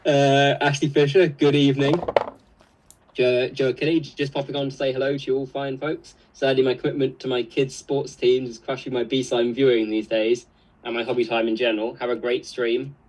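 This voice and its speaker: A man's voice: mid-range voice, flat delivery, normal speed, darkish tone, slight background noise, poor audio. A man co-hosting a live stream, reading viewer comments aloud in a casual, chuckling way. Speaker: co-host reading live chat.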